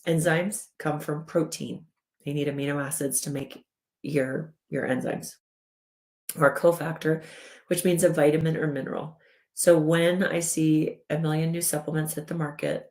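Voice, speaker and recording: A woman in her thirties giving a lively explanatory talk as a wellness educator, walking through a chart and acting out the body's voice in quotes. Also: low-pitched. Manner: animated, acts out the body's inner voice in quotes.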